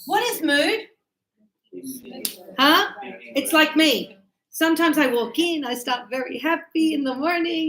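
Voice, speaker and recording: A woman's voice: sits high, takes it slowly, long pauses, pushed and bright, reverberant. A middle-aged woman teaching a grammar lesson to a class, acting out little scenes with voices as examples. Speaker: English teacher.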